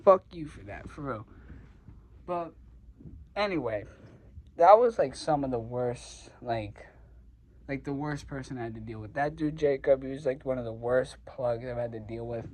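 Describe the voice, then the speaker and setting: A man's voice: medium pitch, moderate pace, pauses often, darkish tone, low-quality recording. A young man casually telling a personal story, rambling with lots of fillers and swearing. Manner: rambling, filler-heavy, profane, gets heated. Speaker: vlogger.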